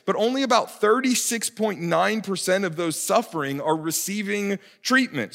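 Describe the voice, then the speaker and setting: A man's voice: high voice, a bit bright. A young adult man, a family discipleship pastor, preaching a sermon in a conversational, self-deprecating way. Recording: long reverb of a large hall.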